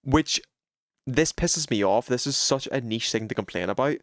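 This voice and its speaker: A British man giving casual gameplay commentary on a livestream, chatty and swearing freely with sudden excited outbursts. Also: mid-range voice, moderate pace, no echo, studio quality.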